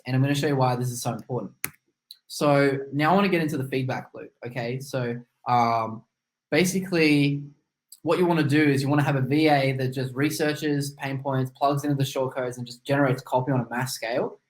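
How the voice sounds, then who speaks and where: A man's voice: medium pitch, rough recording. A man presenting casually on a video call, explaining steps with many fillers, his mouth numb from a tooth extraction. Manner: relaxed, filler-heavy explaining. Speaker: webinar presenter. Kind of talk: casual screen-share presentation.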